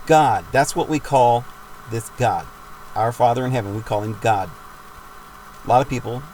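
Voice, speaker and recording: A man's voice: mid-range voice, a little hiss or hum, low-quality recording. A man giving a rambling, emphatic religious monologue for his videos, with frequent restarts. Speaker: video maker.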